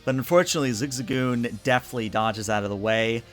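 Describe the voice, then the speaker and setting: A man narrating a tabletop game as game master in a relaxed, rambling way with many fillers. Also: medium pitch, brisk, faint music behind.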